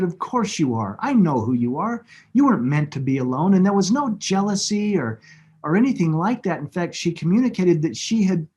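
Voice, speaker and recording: A man as an interview guest, telling a personal story in an earnest, halting way and repeating words when moved, speaking over a video call. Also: high-pitched, darkish tone.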